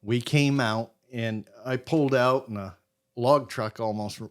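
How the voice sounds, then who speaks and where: A middle-aged man from Maine, a podcast guest telling a casual hunting story in an animated way and acting out what people said. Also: mid-range voice, a little slow. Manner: animated storyteller who acts out quotes.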